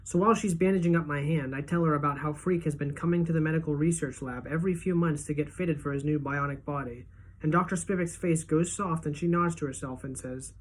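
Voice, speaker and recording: A woman teacher reading a novel aloud to her class, giving the dialogue lively pitch and loudness shifts. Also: a little fast. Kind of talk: audiobook-style read-aloud.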